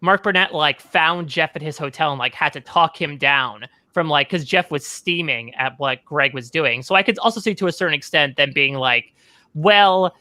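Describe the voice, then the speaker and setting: A young man in casual podcast talk, articulate and quick, scattering "like" through his sentences. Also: fairly high pitch, sharp tone, dry recording. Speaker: podcast guest, reality TV writer.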